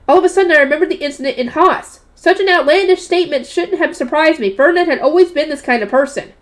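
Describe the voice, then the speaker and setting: A young woman reading a novel aloud and breaking off into chatty, loud reactions and questions to her audience. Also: high-pitched, fast talker, few pauses. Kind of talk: book reading with casual commentary.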